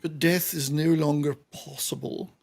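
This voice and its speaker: A grand, weary immortal head declaiming in a pompous English accent, as a man puts it on. He speaks in slow, self-important proclamations, with a slightly gravelly edge to the voice. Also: fairly high pitch, steady tone, a little mellow. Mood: grandiose. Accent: English, put on.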